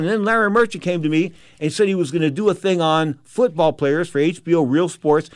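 With a voice that sits high and no room sound, a middle-aged man, a boxing commentator, tells boxing stories. The monologue is casual and emphatic, and he keeps checking in with "okay?".

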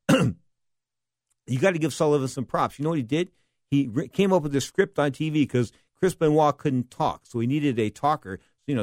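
A man's voice: medium pitch, no echo, clean studio sound. Rambling man telling wrestling stories. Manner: rambling, animated, stops to correct names. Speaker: wrestling history podcast host. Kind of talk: casual storytelling monologue.

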